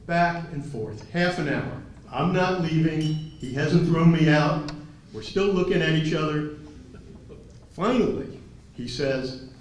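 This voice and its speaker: A man moderating a dinner event, telling an anecdote in an animated way and acting out quotes. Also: fairly high pitch, slow, a little hiss or hum. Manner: animated storyteller, acts out quotes. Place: large banquet hall. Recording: echoey hall, speaker far from mic.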